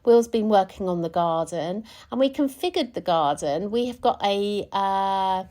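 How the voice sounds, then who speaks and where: A woman hosting her own podcast as a spiritual coach, talking through her week in a gentle, reflective way, often restarting and repeating words as she thinks aloud. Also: mid-range voice, lively intonation, unhurried. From United Kingdom. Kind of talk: reflective casual monologue.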